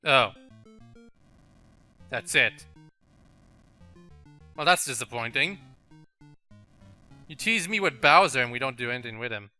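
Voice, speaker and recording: Very bright-voiced man with a French accent. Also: mid-range voice, expressive, unhurried, long pauses, faint music behind. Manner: chatty, laughs at the game, talks to the level maker. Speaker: gaming channel host. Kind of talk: let's-play commentary.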